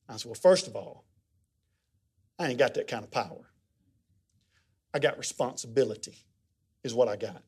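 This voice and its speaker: A man's voice: moderate pace, long pauses, breathy edge. A middle-aged man, preaching a sermon as a pastor in a folksy, conversational storytelling way. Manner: folksy, conversational storytelling with lively pitch swings.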